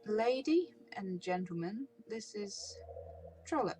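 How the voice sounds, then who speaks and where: A woman doing an icy, wealthy patriarch from a role-playing game, clipped and formal. He gives orders with cold authority and little warmth. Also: medium pitch, animated, takes it slowly, music in the background, poor audio. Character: cold, wealthy older man, stern patriarch.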